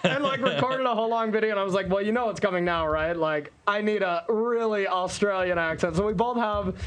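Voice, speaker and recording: Chatty high-voiced North Dakotan man. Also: fairly quick, fairly bright tone. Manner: chatty, joking, tells anecdotes. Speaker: commentator. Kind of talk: casual live-stream chat.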